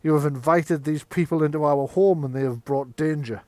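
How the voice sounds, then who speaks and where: A man's voice: fairly high pitch, moderate pace, darkish tone, no echo, lightly acted. Man doing a bristling young apprentice wizard in a tabletop fantasy game, raised and accusing, voice a little lifted. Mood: indignant. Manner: accusing, indignant. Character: resentful suspicious young male wizard apprentice.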